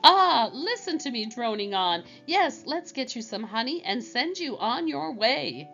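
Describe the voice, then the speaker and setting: A gracious, chatty queen bee, voiced by a woman reading a storybook. She speaks high and in sing-song fashion over faint music in a dull recording. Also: very animated, unhurried, gravelly, fairly bright tone, heavily acted.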